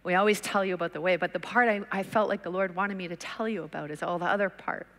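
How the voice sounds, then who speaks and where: A woman's voice: fairly low pitch, steady tone, fast talker, fairly bright tone. A woman preacher telling a story in a conference sermon, acting out the people she talks about. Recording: long reverb of a big hall.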